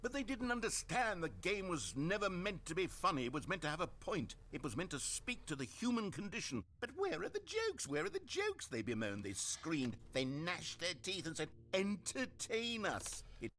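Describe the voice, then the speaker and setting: A man's voice: high-pitched, sing-song, moderate pace, hardly any pauses, fairly bright tone, a little hiss or hum. An actor playing a wry, grandiose male narrator in a video game, delivering scripted lines with theatrical expression. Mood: mocking.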